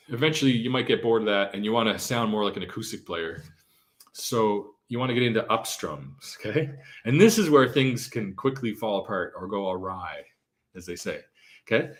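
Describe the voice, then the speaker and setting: A man's voice: mid-range voice, fairly bright tone. A man giving a live-streamed guitar lesson in a casual, chatty way, often checking in with "okay?" and counting beats aloud. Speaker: guitar teacher. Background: his own acoustic guitar strumming.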